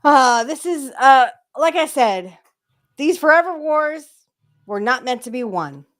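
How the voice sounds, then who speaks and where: A woman's voice: sits high, lively intonation, unhurried, a bit bright. A woman co-hosting a casual political chat, joking and breaking into mock voices of politicians. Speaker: podcast co-host.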